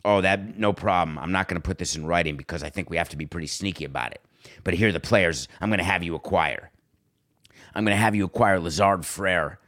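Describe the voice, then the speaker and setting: Man doing an entitled quarterback impression, low hushed voice, smug, rambling demands. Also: quick pace, no room sound, studio quality.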